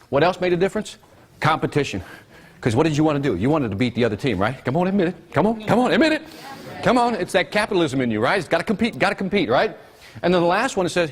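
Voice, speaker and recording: An energetic man runs a business seminar in front of a live audience. His voice sits a little high and swoops widely as he throws question after question at the room. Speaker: seminar presenter.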